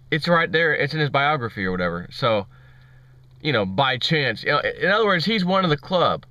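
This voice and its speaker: A man's voice: mid-range voice, pushed and bright, no echo, lo-fi sound. A man ranting sarcastically in a commentary vlog, mocking officials. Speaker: vlogger.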